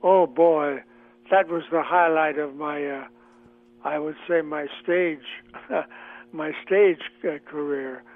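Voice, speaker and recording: An older man, a veteran comic actor, reminiscing in a chatty, halting way in a radio interview. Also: a little high, steady tone. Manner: chatty, halting with many fillers. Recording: tinny phone line.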